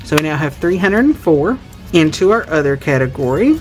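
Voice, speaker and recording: A woman in her thirties with a mild Southern accent and a low, grounded voice. She talks to her viewers in an easy, chatty way and counts out money aloud as she goes. Soft music plays faintly behind her. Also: big pitch swings, a little fast. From Tennessee, US. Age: 30s. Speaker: budgeting YouTuber. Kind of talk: casual vlog chat while counting cash.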